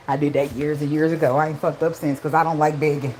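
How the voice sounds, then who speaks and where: Profane joking woman, low voice, noisy phone. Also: level tone, a little fast, darkish tone. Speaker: tarot reader. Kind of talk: casual spiritual reading vlog.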